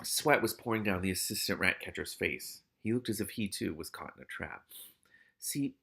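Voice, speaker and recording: A man reading a novel aloud and breaking off to react with animated, exclaiming commentary. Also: sits low, brisk, creaky, breathy edge. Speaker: book reader and commentator.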